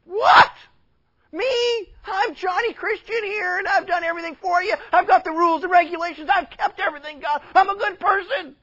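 A man's voice: extremely high pitch, moderate pace, sharp tone, highs cut off, voice pushed up. A man voicing a self-righteous male churchgoer who protests his own goodness in a whiny, indignant manner.

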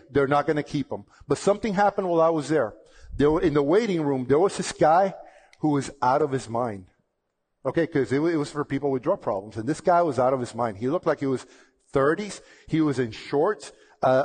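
A middle-aged man telling a personal testimony in a casual, conversational way, with frequent restarts. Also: a little high. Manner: lively, conversational retelling with repeated "and, and" restarts. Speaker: speaker sharing a personal testimony.

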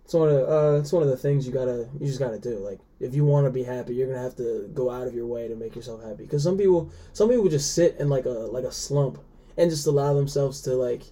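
A man's voice: mid-range voice, dark tone. A young man, a podcast guest, talking casually with many fillers and restarts. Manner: halting, many fillers and restarts, laughs often.

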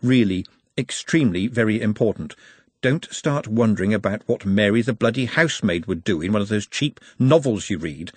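A man reading an audiobook, voicing a forthright young woman who speaks emphatically in a raised, higher voice. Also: husky, no echo. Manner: emphatic and outspoken, with a raised pitch.

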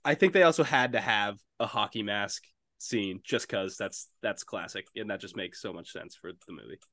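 Man, podcast co-host, blunt and opinionated, casual chat, fairly low pitch. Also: moderate pace, pushed and bright. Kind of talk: casual movie review chat.

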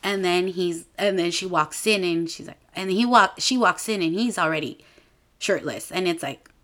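A woman in her twenties chats through a movie's plot as a podcast host. Her voice sits a bit low for a woman, and she leans on a steady stream of filler "like"s. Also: moderate pace. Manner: chatty, with many filler "like"s; acts out characters' lines in a higher voice. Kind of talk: casual movie recap.

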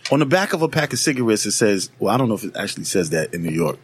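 A man's voice: lowish voice, sing-song, very fast, a little hiss or hum. A man hosting a podcast in casual chat, easygoing and leading the talk. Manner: easygoing, leads the show. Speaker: podcast host.

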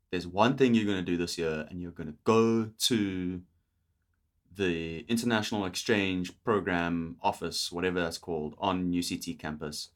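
A young man with a South African accent, hosting a casual podcast chat, talking loosely and laughing often. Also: low voice. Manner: chatty, laughs often, restarts sentences. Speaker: podcast host.

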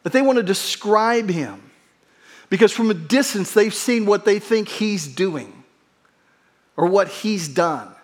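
A middle-aged male pastor with a fairly high voice gives a relaxed, conversational sermon. He tells a funny personal story and pokes fun at himself in an earnest way. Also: takes it slowly.

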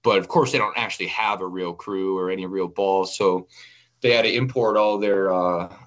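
A man guesting on a talk stream, with a lowish voice. He speaks plainly and casually, stringing thoughts together with many fillers. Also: steady tone, normal speed, muffled recording. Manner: plain-spoken, heavy with fillers. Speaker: interview guest. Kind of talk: casual conversation.

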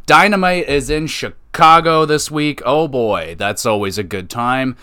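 A man hosting a podcast, reviewing wrestling shows in an excitable, casual way, laughing and swearing freely. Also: mid-range voice, unhurried, smooth. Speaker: podcast host.

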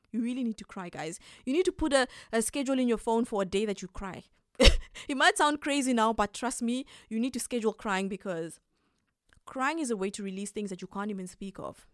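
A woman hosting a casual advice monologue, animated and quick to laugh as she acts out little scenes. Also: mid-range voice, no echo, clean studio sound. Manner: animated, acts out quoted reactions, laughs often. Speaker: podcast host.

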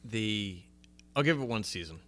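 A man's voice: lowish voice, lively intonation, moderate pace, a bit bright. A male podcast co-host reviewing a TV show in easygoing, casual chat, swearing now and then and trailing off with fillers.

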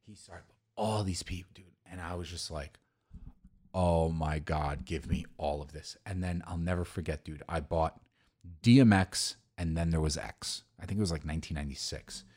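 A man's voice: deep voice, brisk, darkish tone, husky. A young man tells long, rambling stories on a casual drinking podcast. He swears freely and leans on fillers like "like" and "dude". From New York, the Bronx. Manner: rambling storytelling, crude swearing, many fillers. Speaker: podcast co-host.

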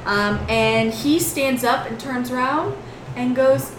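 A woman game master narrates a tabletop game at an unhurried pace, her voice sitting a little high. She describes scenes loosely and keeps breaking into laughs. The recording is echoey, with clear noise behind her.

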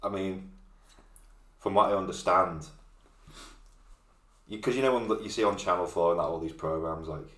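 A man's voice: sits low, moderate pace, pauses often, fairly bright tone. A man co-hosting a podcast, chatting in an easygoing, dry, wisecracking way. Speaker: podcast co-host. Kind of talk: casual banter. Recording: roomy echo.

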